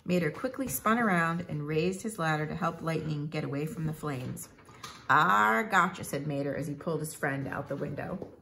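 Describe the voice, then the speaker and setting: A woman reading a children's storybook aloud in a measured, expressive way. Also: low-pitched, slight background noise. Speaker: narrator.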